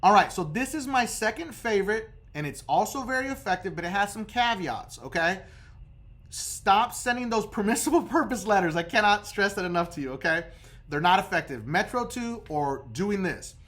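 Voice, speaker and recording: A man's voice: sits high, expressive, moderate pace, fairly bright tone. Emphatic man coaching viewers. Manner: emphatic, keeps checking in with the viewer. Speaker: credit repair coach. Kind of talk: casual instructional video.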